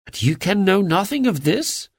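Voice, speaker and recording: A man's voice: high voice, very animated, moderate pace, breathy edge, no room sound, clean studio sound, pitched above the performer's own voice, exaggerated voice. A man voicing a frightened, whining little man with a quavering, pleading voice.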